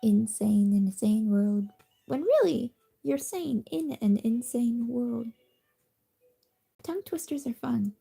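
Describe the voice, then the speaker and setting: A woman chatting casually on a late-night phone livestream from her bed, rambling and self-deprecating, sometimes dropping to a soft whisper. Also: fairly high pitch, expressive, takes it slowly, creaky, slightly rough. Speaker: streamer. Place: cozy bedroom at night.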